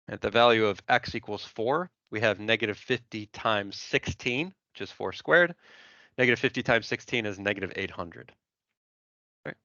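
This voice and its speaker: An engineering instructor lectures in a fairly low, bright, forceful voice, working methodically through an example step by step. He thinks aloud as he sketches, often saying "right?" and "so"; the recording has no echo and the highs are cut off.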